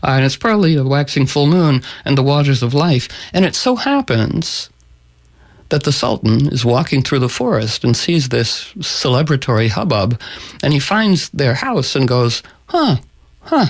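Relaxed man retelling a folktale. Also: mid-range voice, normal speed. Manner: loose, playful, with asides and fillers. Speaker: storyteller.

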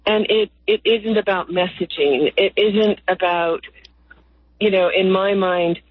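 A woman guest in an interview, speaking slowly and earnestly in lyrical phrases, with a husky voice. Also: medium pitch, dry recording. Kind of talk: reflective interview talk. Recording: dry, tinny phone line.

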